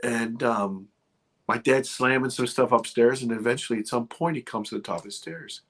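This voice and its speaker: Husky man telling a dramatic story. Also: mid-range voice, normal speed. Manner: dramatic, swings from loud to hushed, many restarts. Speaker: guest filmmaker. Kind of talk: animated storytelling.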